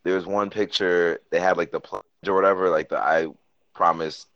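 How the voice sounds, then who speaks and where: Deep-voiced thoughtful man. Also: fairly even intonation, normal speed, fairly bright tone, dry recording. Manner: thoughtful, rambling, curious questions. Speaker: podcast co-host. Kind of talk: casual sports chat. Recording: dull, dry sound.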